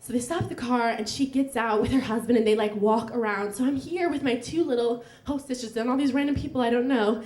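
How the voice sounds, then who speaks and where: Woman, young adult, live stage storytelling, chatty with fillers, laughing, fairly high voice, echoey hall. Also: fairly even intonation, a little fast, few pauses, darkish tone. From United States.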